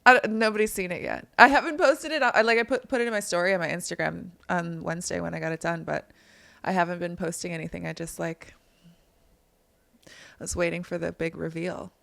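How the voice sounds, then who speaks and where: A woman hosting a podcast in casual chat, bubbly and gushing, quick to laugh. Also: lowish voice, steady tone, creaky, a bit bright. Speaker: podcast host and actor. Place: design showroom, indoors.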